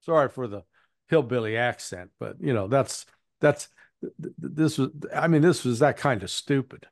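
A man with a mid-range voice and audible vocal fry speaks at a moderate pace as an interviewed analyst. His casual commentary is blunt and rambling, with frequent restarts, fillers, and self-corrections. The sound is dry and clean, studio quality.

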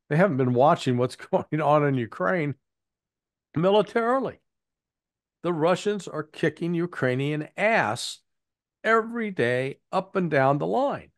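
A man's voice: mid-range voice, no room sound, studio quality. A man being interviewed as an analyst, speaking bluntly with a rambling, self-correcting flow. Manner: rambling, frequent restarts and fillers, blunt. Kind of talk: casual spoken commentary.

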